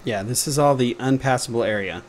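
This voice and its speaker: A young man from Texas speaks briskly in a mid-range voice with a Texan accent. As a game developer teaching a casual live-stream tutorial, he's chatty and jokey, muttering to himself as he works.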